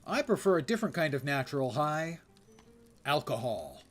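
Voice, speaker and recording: A man's voice: on the high side, very animated, moderate pace, soft background music. An older man giving casual, wry commentary while streaming a game and reading quest text aloud.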